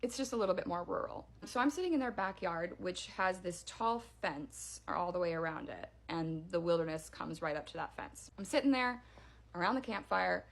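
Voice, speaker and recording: A young woman recounts a spooky night in a casual, animated way. Her voice has a gravelly fry, and she lowers it to a hush at the eerie moments. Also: moderate pace. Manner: animated, hushed for spooky parts. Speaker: storyteller. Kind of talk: casual storytelling to camera.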